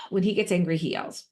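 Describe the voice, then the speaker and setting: A woman with a medium-pitched voice offers conversational podcast advice as a nonprofit fundraising consultant. She's emphatic and repetitive, restarting quickly and tossing out rhetorical questions.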